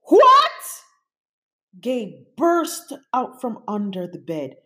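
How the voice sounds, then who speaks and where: Animated woman reading a picture book. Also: on the low side, slow pace. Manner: animated, playful. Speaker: storybook reader.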